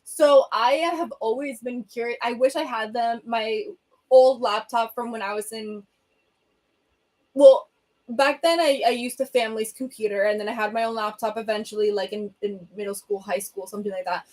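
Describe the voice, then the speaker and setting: A young woman casually chats with livestream viewers, answering their comments while rambling and humming between thoughts. Her voice is on the high side with a darkish, steady tone at a moderate pace. She's at home by a bookshelf, recorded through her laptop's built-in webcam mic.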